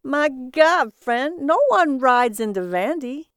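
A woman voicing a brash, talkative middle-aged male cab driver who needles his passenger in a loud, sing-song way. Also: high voice, animated, slow, clear, resonant tone, no room sound, clean studio sound, pitched above the performer's own voice. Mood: needling.

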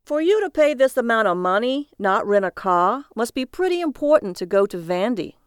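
A woman voicing a brash, talkative middle-aged male cab driver who needles his passenger in a loud, sing-song way. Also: on the high side, sing-song, moderate pace, clean tone, no room sound, studio quality. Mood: needling.

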